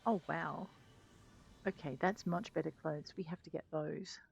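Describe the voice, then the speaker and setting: A woman's voice: low-pitched, fairly even intonation, unhurried, gravelly, a little mellow, slight background noise. Chatty, giggly woman streamer. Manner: chatty, giggly, reacts aloud to the game. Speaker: streamer playing a video game. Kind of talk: casual live-stream commentary. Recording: slightly dull lo-fi audio with faint music.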